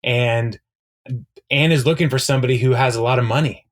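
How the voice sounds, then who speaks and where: A man's voice: mid-range voice, a little fast. Rambling man recapping an episode. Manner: rambling, many fillers, retells scenes with quoted lines. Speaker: podcast co-host. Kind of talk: casual chat recapping a TV episode.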